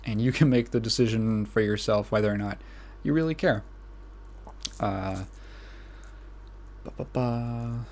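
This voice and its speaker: A man's voice: on the low side, normal speed, long pauses, darkish tone, slight background noise. Rambling Midwestern guy, chuckling a lot. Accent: Midwestern American. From Illinois. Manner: rambling, self-amused, laughs often. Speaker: podcast host. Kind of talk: casual solo podcast talk.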